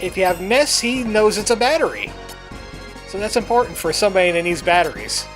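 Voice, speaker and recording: His voice sits high and a bit bright, swinging widely in pitch at a slightly fast pace. Hosting the channel's let's play, this man comments casually on his game, chatty and joking, slipping into a cowboy voice now and then as faint game music plays.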